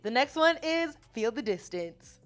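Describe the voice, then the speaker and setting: A young adult woman singer-songwriter in a casual interview, telling stories with frequent laughter and reading her own lyrics aloud softly. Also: on the high side, unhurried, faint music behind. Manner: animated storytelling, laughs often.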